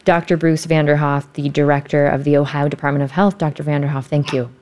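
A woman hosting a public radio talk show, wrapping up the interview and reading out listener mail in a measured way. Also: sits low, level tone, a little mellow, slight background noise. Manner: measured, clearly spelling out details.

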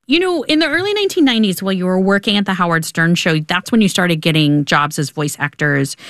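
A woman's voice: on the low side, a bit bright, no echo, clean studio sound. A woman hosting an interview, asking her guest questions with curiosity and reading out listener mail. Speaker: interview host.

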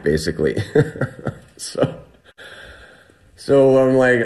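Deep-voiced man telling a survival story. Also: unhurried, pauses often. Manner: animated retelling, acts out shouted quotes. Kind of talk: conversational storytelling.

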